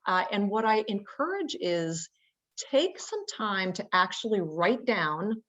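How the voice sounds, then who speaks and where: A woman's voice: medium pitch, big pitch swings, slow, fairly bright tone, muffled recording. A woman presenting a training webinar, explaining ideas in a conversational way with fillers and rhetorical questions. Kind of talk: instructional webinar talk. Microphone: remote webinar audio.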